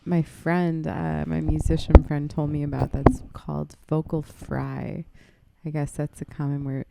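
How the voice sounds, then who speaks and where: Female podcast co-host, deep with vocal fry, slow unhurried delivery. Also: little pitch movement, background noise. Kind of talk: casual chat.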